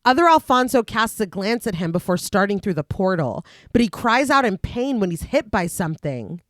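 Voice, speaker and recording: A woman's voice: mid-range voice, normal speed, no echo, clean studio sound. A woman co-hosting a podcast, reading a long plot recap and chatting casually. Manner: recaps plot in long lively read-through, laughs often. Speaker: podcast co-host recapping a film. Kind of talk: casual chat and plot narration.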